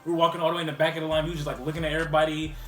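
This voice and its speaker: Fast-talking high-voiced man telling a story. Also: little pitch movement, a bit bright, roomy sound. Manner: rambling, heavy use of "like" fillers. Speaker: vlogger. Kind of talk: casual storytime.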